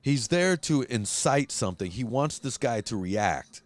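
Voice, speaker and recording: A man hosting a casual podcast chat, telling a story in a profane, animated way and acting out quotes. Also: medium pitch, unhurried, soft background music. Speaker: host. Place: Huntington Beach, California.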